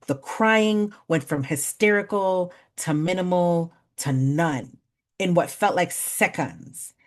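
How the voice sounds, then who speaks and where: A woman in her forties speaks slowly and unhurriedly in a fairly low voice. She guides a workshop with a conversational, self-deprecating ease and counts out breaths patiently. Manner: warm, conversational, laughs at herself, counts slowly. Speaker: workshop facilitator. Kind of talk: guided breathing exercise and storytelling talk.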